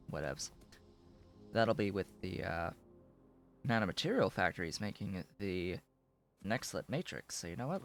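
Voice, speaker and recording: Low, slow man losing his voice. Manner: mumbling to himself while building. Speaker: game streamer. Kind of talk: casual gameplay commentary.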